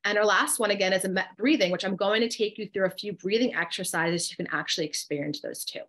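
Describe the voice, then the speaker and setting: A woman's voice: medium pitch, quick pace, a bit bright. A middle-aged woman with a New Jersey accent co-hosting a live online workshop. She reads out chat comments and guides the group through breathing exercises step by step. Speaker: co-host and coach.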